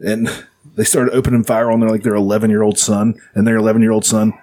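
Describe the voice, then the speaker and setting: A man with a fairly low, mellow voice talks fast with a flat delivery. He's casually retelling a story to friends, rambling along with plenty of filler words and swearing.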